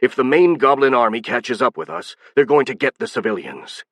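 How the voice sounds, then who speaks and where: A weary, anxious nobleman, played by a male audiobook narrator, sarcastic and insistent. His voice stays close to the reader's own mid pitch, recorded dry. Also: moderate pace, gravelly, fairly bright tone, no echo.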